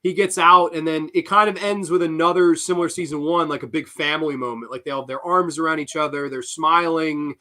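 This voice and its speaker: A male podcast host in casual conversation, enthusiastic and emphatic. His voice is bright and forward and sits a little high. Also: steady tone, brisk, hardly any pauses. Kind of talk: casual chat.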